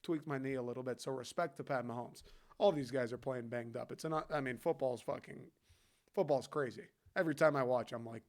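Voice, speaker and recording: A man's voice: mid-range voice, brisk. A man hosting a podcast, talking sports in a loose, profanity-heavy, fired-up rant and calling his listeners "dude". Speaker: podcast host. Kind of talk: casual sports talk.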